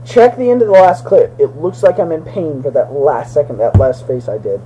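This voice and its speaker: A young man talking casually to the camera in a goofy, joking way, breaking into loud outbursts. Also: a little high, normal speed, a little hiss or hum, rough recording. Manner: goofy, jokey, with sudden loud shouted bits. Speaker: vlogger. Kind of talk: casual video blog to his brother.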